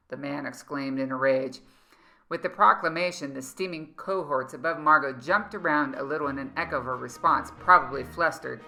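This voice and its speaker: Low-voiced woman reading a story. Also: gravelly, pushed and bright, poor audio. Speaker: narrator. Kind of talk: storybook narration read aloud.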